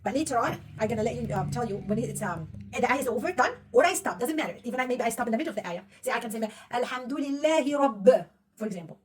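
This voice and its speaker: A woman's voice: on the high side, animated, fast, far from the mic, over music. A woman teaching a young pupil to read Arabic, patiently quizzing her and praising right answers. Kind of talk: one-on-one reading lesson.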